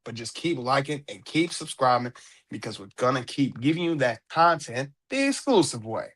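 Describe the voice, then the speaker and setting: A man hosting his own podcast, talking in casual solo commentary with a joking, excitable manner and frequent laughs. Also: medium pitch, normal speed. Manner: excitable, joking, often laughing, fake choked up. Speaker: podcast host.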